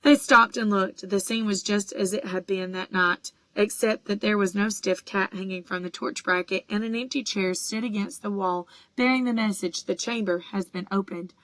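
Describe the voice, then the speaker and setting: A woman narrating an audiobook in a steady, even storytelling voice. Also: medium pitch, normal speed, few pauses, dry recording. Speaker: audiobook reader.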